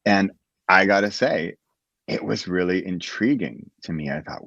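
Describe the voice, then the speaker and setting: A man's voice: low voice, moderate pace, gravelly, fairly bright tone, no room sound. An American man telling his own story as a podcast guest, reflective and rambling, with many restarts. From United States. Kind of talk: casual interview storytelling. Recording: dull lo-fi dry sound.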